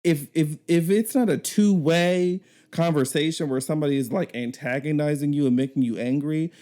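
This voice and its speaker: A man co-hosting a podcast, telling a story in casual, animated chat and swearing now and then. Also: fairly high pitch, normal speed. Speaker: podcast co-host.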